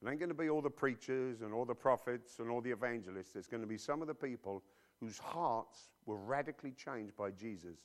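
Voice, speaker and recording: A man's voice: mid-range voice, fairly quick. A man preacher delivering a sermon emphatically and bluntly, with informal slang and frequent rhetorical questions to his listeners.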